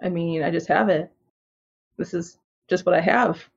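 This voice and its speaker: Female tabletop player, gravelly and husky, hesitant delivery, muffled lo-fi mic. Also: on the low side, steady tone, moderate pace. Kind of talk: tabletop game chat. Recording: dull lo-fi mic.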